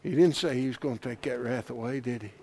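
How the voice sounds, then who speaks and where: A man preaching a sermon, moving from quiet retelling to loud, impassioned shouting with chuckles. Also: medium pitch, quick pace, gravelly, slight background noise.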